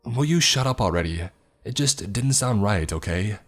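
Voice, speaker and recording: A man's voice: on the low side, sing-song, normal speed, voice pushed up. A man voicing a nervous, irritable young woman camping in the woods. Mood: anxious, snappy. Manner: jumpy and irritable.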